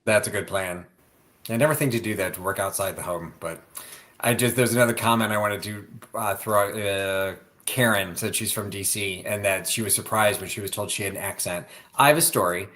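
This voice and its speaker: A man's voice: lowish voice, steady tone, a little fast, a bit bright. A man co-hosting a live sale stream, chatting casually and telling stories that trail off mid-sentence. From US Midwest. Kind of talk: casual chat.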